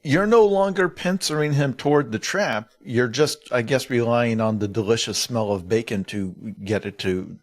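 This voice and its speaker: A man's voice: mid-range voice, normal speed, hardly any pauses. A man co-hosting a comedy podcast, giving wry, ranting analysis. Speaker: podcast co-host.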